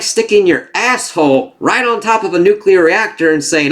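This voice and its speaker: A man's voice: high-pitched, animated, moderate pace, hardly any pauses, fairly bright tone. A man giving an opinionated spoken review of a TV series. He is blunt and exasperated, swears heavily, and slips into mocking voices when he quotes characters.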